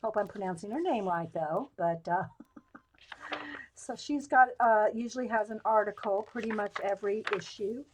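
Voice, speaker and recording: A woman's voice: medium pitch, normal speed, slight background noise. A woman, hosting a casual live chat and telling rambling, digressive stories with lots of laughter. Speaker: live stream host.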